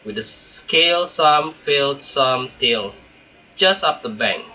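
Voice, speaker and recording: A man's voice: medium pitch, expressive, slow, pushed and bright. A man voicing a polite, curious young male elephant calf in a storybook, earnest and polite, on a dull lo-fi recording.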